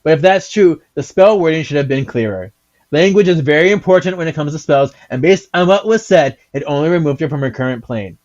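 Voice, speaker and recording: A man co-hosting a podcast in casual chat, giggly and animated, reading comic pages aloud. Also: on the high side, a little fast, dull audio. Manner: giggly, animated, acts out lines in silly voices. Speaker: podcast co-host.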